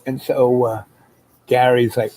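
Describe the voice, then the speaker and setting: A man's voice: mid-range voice, level tone, slow, mellow, low-quality recording. A man telling a long personal story in a casual, rambling way and coughing now and then. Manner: rambling, with many fillers and restarts.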